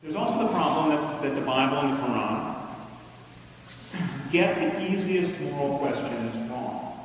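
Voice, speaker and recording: A man delivers a measured, argumentative lecture, his mid-range voice carrying through a large hall. The sound is roomy and distant, with a long reverb trailing each phrase. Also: a little high, lively intonation, a little hiss or hum. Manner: measured and argumentative, with frequent restarts. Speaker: public speaker. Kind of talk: lecture to an audience. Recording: echoey hall recorded from far off.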